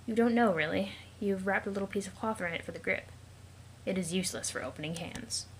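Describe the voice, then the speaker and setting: A woman's voice: medium pitch, fast talker, rough recording. Casual female host reading comic text, mock-dramatic, jokey asides, light background noise. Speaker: let's play host reading a web comic.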